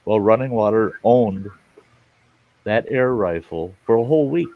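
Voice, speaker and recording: Deep-voiced blunt folksy man. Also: animated, measured pace, phone-quality sound. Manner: blunt, folksy, swears freely. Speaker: live stream host. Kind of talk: casual storytelling chat. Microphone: live stream mic.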